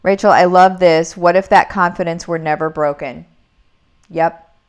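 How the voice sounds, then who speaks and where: A woman, hosting a casual livestream from home and warmly greeting viewers by name. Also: on the low side, fairly even intonation, moderate pace. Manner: upbeat, greets viewers by name, talks to her dog. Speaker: business coach hosting a livestream. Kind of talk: casual livestream chat reading comments.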